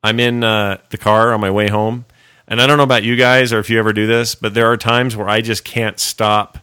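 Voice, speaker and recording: A man's voice: on the low side, little pitch movement, fairly quick, sharp tone, smooth, no echo, studio quality. A man co-hosting a podcast in casual chat, joking, rambling and laughing often. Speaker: podcast co-host.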